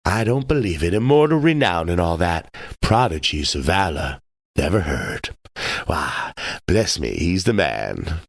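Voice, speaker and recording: A man's voice: sits low, very animated, measured pace, vocal fry, no echo, heavily acted. A man voicing a chattering society lady who gossips in scattered, rambling remarks at a card table. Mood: gossipy.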